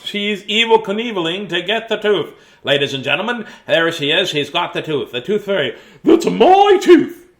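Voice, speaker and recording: A man's voice: high voice, expressive, normal speed, few pauses, sharp tone. Playful man reading picture books. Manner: playful, silly, laughing, chatty asides. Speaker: children's book reader.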